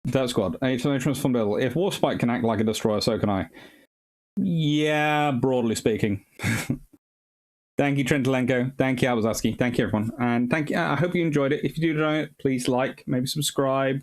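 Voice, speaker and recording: A tired man of middle pitch hosts a history livestream, rambling as he reads the chat aloud. He thanks viewers one by one in a loose, chatty sign-off. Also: normal speed. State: tired, short on sleep. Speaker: naval history host and academic.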